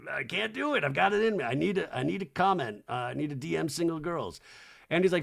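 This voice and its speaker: A man's voice: on the high side, gravelly. A man hosting a podcast, casually recapping a reality show reunion and acting out the cast members' lines in mimicking voices.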